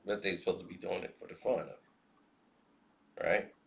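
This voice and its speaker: A man giving spoken commentary in a measured, reflective way, often posing rhetorical questions. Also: low-pitched, vocal fry. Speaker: commentary vlogger.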